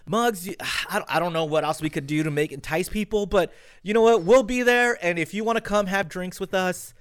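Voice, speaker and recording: A man co-hosting a podcast, telling animated stories full of swearing and quick restarts. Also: high-pitched, clean tone. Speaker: podcast co-host. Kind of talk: casual chat.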